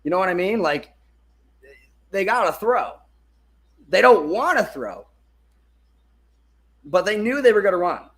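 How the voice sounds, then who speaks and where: Excitable high-voiced male fan commentator. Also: unhurried, long pauses. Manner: excitable, swears, swings from hyped shouting to muttered asides. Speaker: fan streamer giving live game commentary. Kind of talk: excited live sports watch-along commentary. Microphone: phone held in hand.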